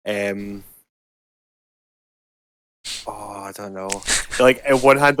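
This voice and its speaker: A man's voice: on the low side, slow, pauses often, very noisy. A man playing in a tabletop game over voice chat, speaking hesitantly. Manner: hesitant, tentative. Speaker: player. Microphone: computer mic, voice chat.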